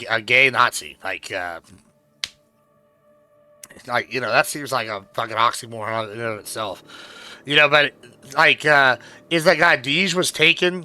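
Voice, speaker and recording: A man's voice: medium pitch, pushed and bright. A man streaming a game, chatting casually in a rambling, crude way with plenty of swearing and fillers. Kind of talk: casual chat while gaming.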